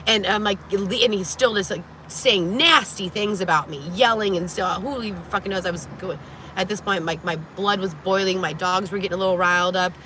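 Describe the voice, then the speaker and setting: Sitting in a vehicle, a woman vlogs a personal story to camera in a brisk, medium-pitched voice, casual and animated, with plenty of "like"s and frank profanity. A little hiss or hum can be heard.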